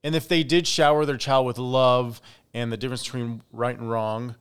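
A man's voice: medium pitch, normal speed, clean tone. Chatty opinionated man hosting a podcast. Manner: chatty, opinionated, animated asides. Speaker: podcast host. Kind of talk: casual solo podcast monologue.

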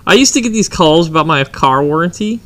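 A man's voice: a little high, expressive, a little fast, a bit bright. A young man in casual chat, telling crude prank-call stories with a joking, profane manner. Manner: crude, joking storyteller who acts out phone calls.

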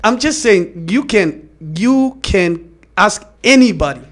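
A man's voice: high-pitched, slow. A man with a Namibian accent, a comedian telling stories animatedly in a casual podcast chat. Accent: Namibian English. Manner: animated storytelling.

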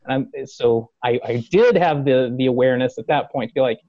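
A man's voice: fast talker, dry recording, rough recording. A man hosting a podcast, telling a fan story in casual chat, acting out quotes, laughing and swearing. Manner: animated, acts out quotes with rising pitch, swears, laughs. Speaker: podcast host.

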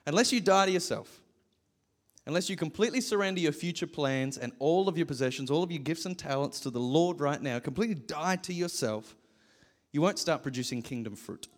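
A man's voice: a little high, lively intonation, a little fast. A man, a pastor preaching a sermon and telling a self-deprecating story, laughing often.

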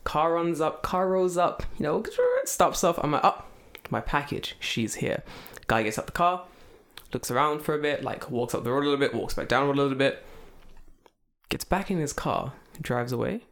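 A man's voice: on the high side, fairly quick, a bit bright. A man in casual chat, telling a story with lots of swearing and acted-out voices. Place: lives in Japan.

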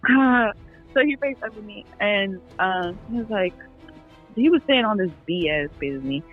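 A woman's voice: medium pitch, animated, moderate pace, narrow, tinny audio, faint music behind. A young adult woman, a podcast guest, telling a long personal story in casual chat, full of "like"s and quoted asides. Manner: rambling storyteller, many "like"s.

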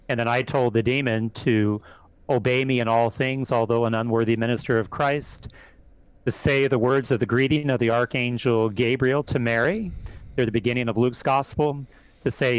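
A man, a priest, calmly recounting events as an interview guest in a measured way. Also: medium pitch, dry recording, rough recording. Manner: calm, measured retelling. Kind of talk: interview storytelling.

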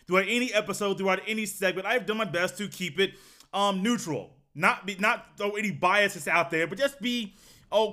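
A young man hosting a solo sports podcast, telling a story in a casual, excited way. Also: sits high. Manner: excited, animated storytelling with laughs. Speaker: podcast host.

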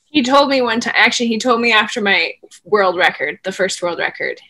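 A woman being interviewed, telling a long story in casual, animated talk full of "like" fillers. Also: medium pitch, brisk, vocal fry. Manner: animated, rambling, frequent "like" fillers. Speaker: interview guest, former swimmer.

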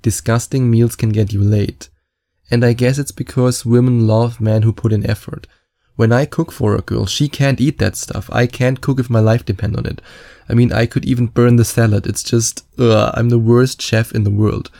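A man's voice: medium pitch, steady tone, moderate pace, vocal fry, mellow. A man speaking as a dating coach in a confident, candid and chatty advice monologue, with self-mocking asides.

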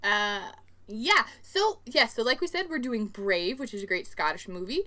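A chatty woman from the American Midwest co-hosts a casual podcast. Her voice is bright, and it moves up and down a lot as she tells anecdotes with giggles. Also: fairly high pitch, lively intonation, moderate pace. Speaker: podcast co-host. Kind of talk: casual chat.

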